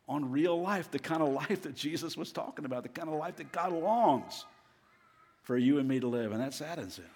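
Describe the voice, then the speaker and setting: Animated preaching man in a hall. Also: on the high side. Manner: animated storytelling, acts out quoted voices. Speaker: guest pastor. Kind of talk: sermon.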